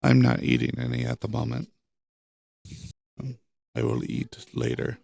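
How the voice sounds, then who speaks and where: A man's voice: mid-range voice, big pitch swings, unhurried, creaky, dark tone, slightly rough, dry recording, clean studio sound. A man in casual, laid-back chat at a tabletop game. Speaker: player.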